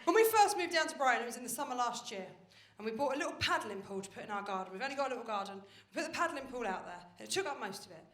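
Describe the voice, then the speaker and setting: Rapid-fire and animated, this stand-up comedian has a slightly high, a bit bright voice. She performs live to an audience at a comedy venue, confiding and chatty, swearing casually, in a roomy recording with audience noise.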